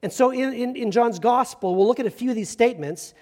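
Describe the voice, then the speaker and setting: A man, a pastor, giving a conversational sermon with self-deprecating humor and slow, emphatic stresses. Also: very high-pitched, darkish tone.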